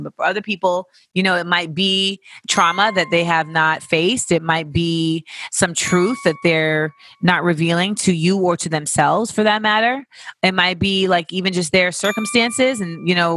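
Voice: mid-range voice, normal speed, pushed and bright, slight background noise. A podcast host, talking casually and candidly, with profanity and playful tangents while answering listener questions. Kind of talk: casual reflective chat.

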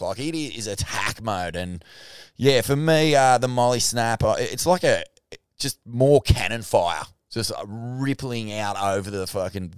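A man with an Australian accent, co-hosting a podcast in casual surf talk, rambling and swearing excitably. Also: fairly low pitch, clear, resonant tone, no echo, studio quality. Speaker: podcast co-host.

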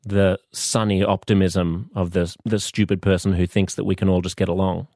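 A man with an Australian accent hosting a podcast, speaking in a thoughtful, measured monologue with pauses and restarts. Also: low-pitched, level tone, mellow, no echo, clean studio sound. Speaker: podcast host. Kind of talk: reflective monologue.

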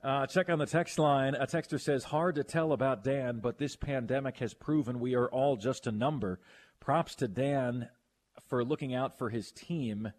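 A man hosting a sports radio show, chatting casually and reading listener texts aloud. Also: mid-range voice. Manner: animated, quick to protest, reads listener texts aloud.

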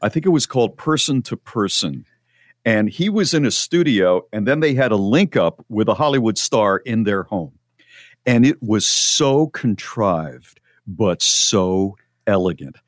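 A man co-hosting a radio talk show, telling a story in a measured, reflective way. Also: lowish voice, expressive, no echo, clean studio sound. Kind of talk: casual chat.

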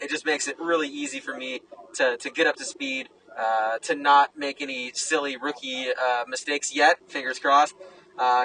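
Young male guest, relaxed talker, bright tone, a bit far from the mic with faint ambience. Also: medium pitch, a little hiss or hum. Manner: easygoing, lots of "uh" and "you know". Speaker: race car driver, guest. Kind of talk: casual interview.

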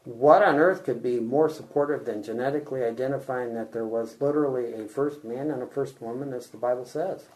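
A man's voice: medium pitch, brisk, hardly any pauses, a little mellow, low-quality recording. A man co-hosting a radio show, asking and answering in an earnest scripted exchange. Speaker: radio co-host.

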